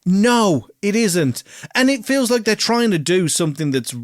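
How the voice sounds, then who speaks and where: A man, co-hosting a casual album review podcast, animated, swearing freely and laughing often. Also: high-pitched, measured pace, no room sound, clean studio sound. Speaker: podcast co-host.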